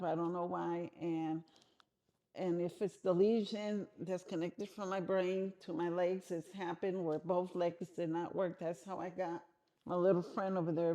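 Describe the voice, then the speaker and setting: Mellow-voiced middle-aged woman, frank. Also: lowish voice. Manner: frank, conversational, frequent restarts. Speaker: interviewee. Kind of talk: candid interview answers.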